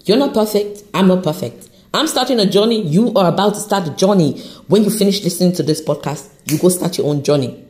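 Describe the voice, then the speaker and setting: A woman hosting her own podcast, giving an unscripted motivational talk straight to the listener, encouraging and animated, with an accent that shifts as she talks. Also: on the low side, a little fast. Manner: accent shifts while talking. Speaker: podcast host.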